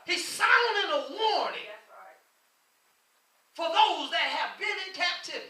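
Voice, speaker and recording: In an echoing church sanctuary, a male pastor delivers a fervent sermon, passionately repeating his calls, captured from a distance. His voice is very high-pitched and sharp, with lively intonation and a measured pace.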